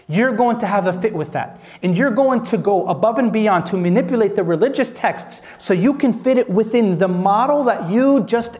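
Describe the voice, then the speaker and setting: High-voiced American sheikh lecturing. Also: male voice. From Minnesota, USA. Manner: asks the audience rhetorical questions, animated and joking. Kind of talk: conversational Islamic lecture.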